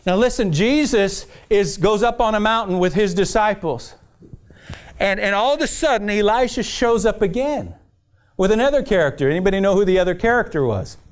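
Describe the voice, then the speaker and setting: In a church service, a man preaches with a high, smooth voice, animated and a little fast. His sermon turns scripture into a story full of restarts, and he keeps asking the congregation "amen?" to draw their response.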